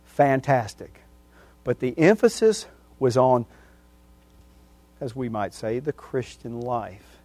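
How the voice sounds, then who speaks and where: A preacher reads scripture verse by verse, repeating phrases for emphasis as his voice swings from loud, emphatic peaks to hushed endings. His mid-range voice has a sing-song lilt, moving slowly with frequent pauses and no echo.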